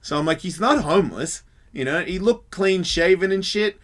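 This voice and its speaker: A man hosting a radio show, telling a story in a casual and lively way, swearing freely and acting out the other people's voices. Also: high-pitched, normal speed. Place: radio studio.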